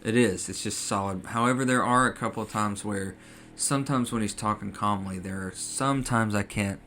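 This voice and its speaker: A man's voice: on the low side, moderate pace, pushed and bright, a little hiss or hum. A man co-hosting a casual podcast, chatty and full of ums and uhs. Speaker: podcast co-host.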